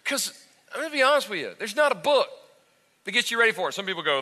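A man in his thirties preaching a sermon to his congregation on a church stage, animated and talking straight to the crowd. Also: extremely high pitch, fast talker. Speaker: pastor. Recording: echoey hall with long reverb.

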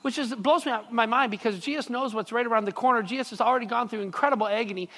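A pastor delivers a conversational sermon, doubling up on words and pausing to ask the congregation whether they are following. The voice sits at a middling pitch. A long reverb trails every phrase, as in a large church sanctuary. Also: fairly bright tone. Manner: conversational, repeats words, checks in with the audience.

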